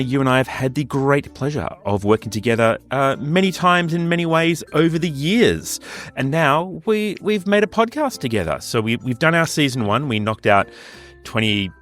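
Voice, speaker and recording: A man's voice: mid-range voice, expressive, moderate pace, a bit bright, soft background music. Teasing man co-hosting a chat show. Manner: jokey, teasing. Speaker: podcast co-host, producer. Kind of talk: casual chat.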